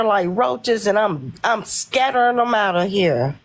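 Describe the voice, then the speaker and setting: Congested woman caller, lively voice. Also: medium pitch, unhurried. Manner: gushing, emphatic praise. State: congested from sinuses.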